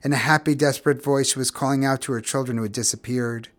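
Male narrator, measured and expressive literary reading, mid-pitched. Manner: measured, expressive, grows quiet and somber. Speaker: audiobook narrator.

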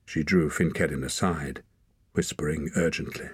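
A man's voice: a bass voice, moderate pace, slightly rough, dry recording. A man narrating a story as an audiobook reader, reading expressively. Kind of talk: scripted narration.

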